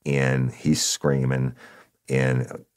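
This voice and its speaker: A man's voice: little pitch movement, extremely slow. A man, a former narcotics officer telling a true crime story in a blunt, profane way. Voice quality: gravelly, very deep. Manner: blunt and profane, addressing listeners as y'all.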